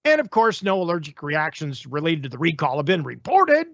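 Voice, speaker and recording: A man's voice: a little high, big pitch swings, fairly quick, no echo, lo-fi sound. A male talk show host giving opinionated, sarcastic news commentary in a ranting manner.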